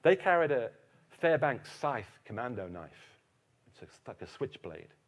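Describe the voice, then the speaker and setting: A man giving a lively public lecture on history, telling stories emphatically. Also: medium pitch, measured pace. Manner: animated storyteller, emphatic. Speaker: keynote speaker, historian.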